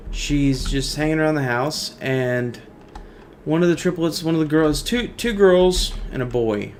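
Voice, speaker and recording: A man's voice: medium pitch, slight background noise. A man streaming a video game, chatting casually and telling a long rambling joke. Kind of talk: casual chat while gaming.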